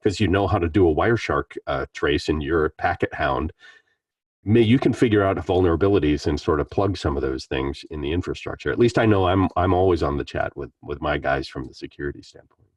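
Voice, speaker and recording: A man's voice: very deep voice, a little fast, breathy edge, no echo, recorded from a distance. A man talking in a rambling, conversational way as a panelist in an online meetup. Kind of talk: casual online meetup discussion. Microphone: video call.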